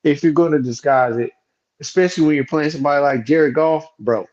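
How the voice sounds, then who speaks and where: A man's voice: fairly high pitch, brisk, darkish tone, lo-fi sound. A man co-hosting a casual sports podcast, venting heatedly as a fan and swearing freely. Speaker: podcast co-host.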